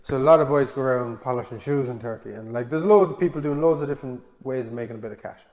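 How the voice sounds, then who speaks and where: A man with an Irish accent, co-hosting a podcast and telling a story in a lively, animated way, acting out voices. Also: medium pitch, fast talker, in a large hall. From Ireland. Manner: animated storyteller, acts out voices and laughs through it. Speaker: podcast co-host. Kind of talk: casual storytelling chat.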